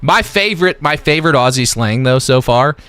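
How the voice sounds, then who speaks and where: A bright, clear-voiced man hosts a livestream and chats easily with callers, leaning on lots of fillers. His voice sits close and dry on the mic. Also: medium pitch, lively intonation, a little fast, no echo. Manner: easygoing, chatty, lots of fillers. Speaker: livestream host. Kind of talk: casual chat with callers.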